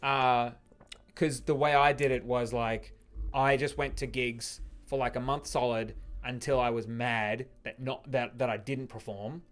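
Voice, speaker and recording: A man hosting a comedy podcast, teasing his guest with quick quips and filler-heavy explanations. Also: medium pitch, steady tone. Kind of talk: casual comedic banter.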